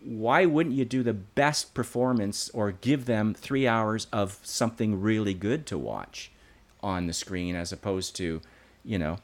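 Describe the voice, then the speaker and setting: Guy talking shop about live events, kinda low voice, lots of restarts and analogies. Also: measured pace. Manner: animated, repeats and restarts, uses analogies. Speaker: guest, live event producer. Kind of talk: casual interview chat.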